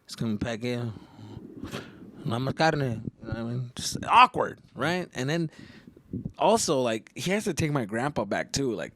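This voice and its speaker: A man's voice: mid-range voice, very animated, normal speed, bright, forceful tone, slight background noise. A man in his thirties hosting a podcast and casually telling a story, loose and heavy on profanity. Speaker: podcast host.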